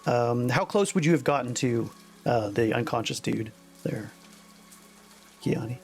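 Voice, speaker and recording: A man narrating as dungeon master, relaxed and halting, with many fillers, over a voice call. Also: mid-range voice, husky, faint music behind. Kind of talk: narrating a tabletop game.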